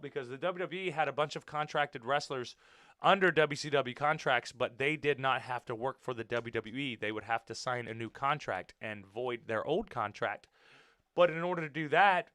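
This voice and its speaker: An American man hosting a casual wrestling podcast, talking in an animated, blunt way, swearing now and then and repeating himself for emphasis. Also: on the high side, dry recording, clean studio sound. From United States. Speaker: podcast host and professional wrestler.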